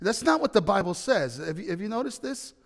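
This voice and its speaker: High-voiced preacher in a reverberant hall. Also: male voice, sing-song, a little fast. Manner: dynamic preaching, swings from loud to hushed storytelling. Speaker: pastor. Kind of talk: sermon.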